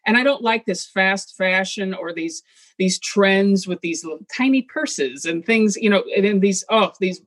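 A woman guest in an interview, talking in an animated, opinionated way with quick asides. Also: mid-range voice, dry recording. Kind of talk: casual interview chat.

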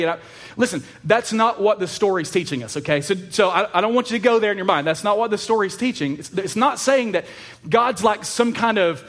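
A man's voice: sits high, fairly quick, a bit bright. A man preaching a sermon in a casual, conversational way, with frequent fillers and restarts. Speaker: pastor.

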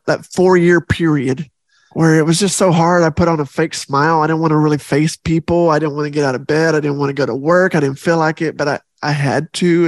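Man, middle-aged, podcast host, earnest heartfelt delivery, slightly high voice, dry close sound. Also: no room sound. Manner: earnest, heartfelt, repeats phrases for emphasis. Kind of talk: faith podcast monologue.

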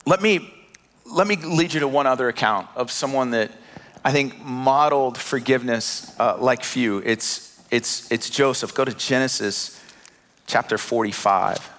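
A man's voice: mid-range voice, a little slow, fairly bright tone, slight background noise. A man in his thirties preaching a sermon, earnest, repeating words and rising in emphasis. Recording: long hall reverb.

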